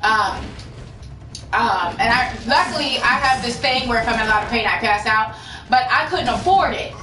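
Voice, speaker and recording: Speaking to her live chat, a woman streamer tells personal stories candidly and swears freely. Her fairly high voice is bright and forceful, with lively intonation at normal speed and a slight hiss or hum. The distant mic gives a roomy sound, and faint music plays behind her.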